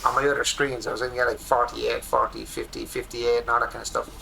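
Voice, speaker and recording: An Irish man in his forties, a streamer rambling excitedly through casual commentary while he plays a game at his home desk. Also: medium pitch, fast, creaky, a little hiss or hum, rough recording. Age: 40s.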